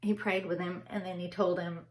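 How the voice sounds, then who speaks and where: A woman's voice: fairly low pitch, flat delivery, normal speed. A woman telling a personal family story to her viewers, heartfelt and emotional, with a loose, rambling delivery full of fillers.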